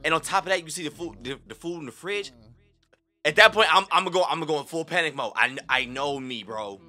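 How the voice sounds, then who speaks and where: A young man hosting a reaction video, talking in casual slang, jumping between loud outbursts and low murmurs. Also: fast.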